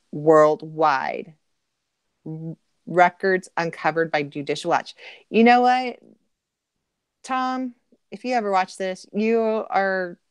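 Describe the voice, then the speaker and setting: A middle-aged woman chats casually on a live stream, reading out viewer comments and laughing as she answers them. Her voice sits a little low for a woman. The recording is close and dry. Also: smooth, dry recording. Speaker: livestream co-host reading chat.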